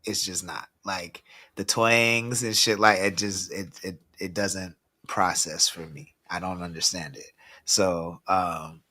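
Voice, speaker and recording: A man's voice: low-pitched, steady tone, takes it slowly, sharp tone. A man hosting a casual music review livestream, laid-back and laughing often, swearing freely and reading viewer comments aloud. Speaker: host of a music review stream.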